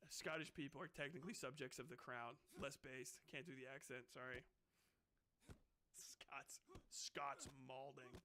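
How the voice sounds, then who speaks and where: A man's voice: medium pitch, fairly even intonation, a little slow, pushed and bright, a little hiss or hum. A man streaming as he reads a book aloud, breaking off for rambling, profane rants and laughing asides. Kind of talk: casual profane commentary on a book.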